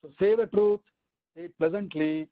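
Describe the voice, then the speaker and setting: A man teaching a weekly scripture class, explaining step by step with rhetorical questions and slow recitations. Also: high voice, fairly even intonation, phone-quality sound. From India. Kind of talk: weekly online scripture lesson.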